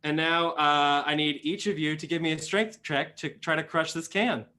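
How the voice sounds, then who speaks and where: A man's voice: fairly high pitch, steady tone, moderate pace, pushed and bright. A young man running a tabletop game as game master, rambling with many fillers and restarts.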